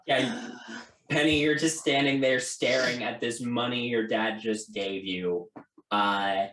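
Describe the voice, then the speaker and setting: A man's voice: medium pitch, fairly even intonation, slow, a bit bright, reverberant, distant mic, rough recording. A man narrating a tabletop game as game master in a casual, filler-heavy way.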